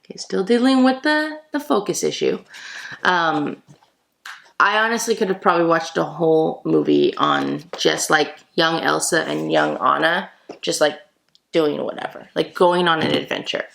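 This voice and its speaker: Chatty woman with a gravelly voice. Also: sits low, normal speed, poor audio. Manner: chatty, excitable, talks to viewers. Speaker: toy collector vlogger. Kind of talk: casual unboxing vlog.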